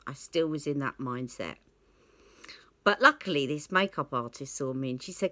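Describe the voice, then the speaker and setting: A woman with a low, dry, close-sounding voice tells a personal story straight to camera. She is candid and reflective, and she slips into little acted snippets of the dialogue she remembers. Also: lively intonation, moderate pace, pushed and bright, no room sound. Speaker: beauty vlogger.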